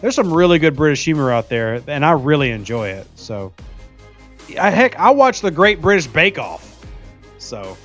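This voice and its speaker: Playing a mobile game on stream, this man jokes around, laughs often, and reads viewer comments aloud in casual chat. He sounds very animated, with a voice on the high side and a fairly bright tone, speaking at a moderate pace over faint music.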